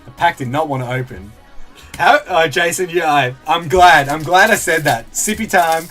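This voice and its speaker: A man's voice: on the high side, moderate pace, bright, forceful tone, faint music behind. A man streaming as he opens card packs, chatting casually, reading out viewer comments and laughing often. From Australia. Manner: chatty, laughs a lot, reads out chat comments. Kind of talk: casual live-stream chat.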